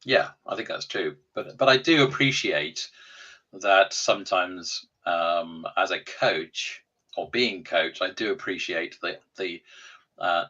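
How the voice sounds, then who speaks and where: A man, an executive coach and podcast guest, explaining things in a measured way with frequent ums. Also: sits low, bright, forceful tone, muffled recording. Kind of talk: casual conversational interview.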